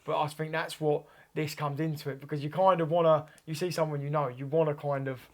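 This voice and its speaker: A man's voice: on the high side, level tone, fairly quick. A young man, a kickboxer guest on a podcast, chatting casually in a rambling way full of fillers and swearing. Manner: rambling, swearing, lots of 'like' and 'you know'.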